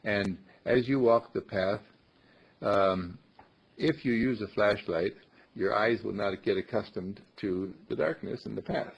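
Gravelly, husky man teaching slowly. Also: on the low side. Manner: slow, emphatic, repeats phrases like a chant. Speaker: spiritual teacher. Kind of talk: teaching talk to a small group. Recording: dull lo-fi recording.

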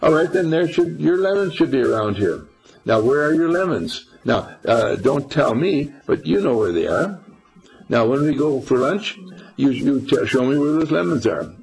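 Older man with a gravelly, husky voice. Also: mid-range voice, expressive, moderate pace, darkish tone, rough recording. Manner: folksy, rambling, quizzes listeners. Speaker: spiritual teacher. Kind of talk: informal talk to a small group.

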